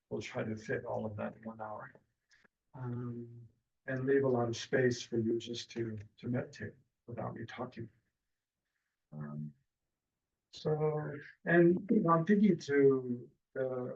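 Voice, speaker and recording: A man teaching a meditation class in a relaxed, hesitant way with many fillers and restarts, speaking over a video call. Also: mid-range voice, vocal fry. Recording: distant, dull lo-fi mic.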